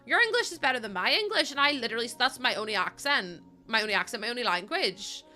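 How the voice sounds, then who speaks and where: A young woman live-streaming a game, chatting casually with her viewers, giggling often and breaking into excited thanks. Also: a little high, quick pace. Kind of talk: casual live-stream chat while gaming. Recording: faint game music behind.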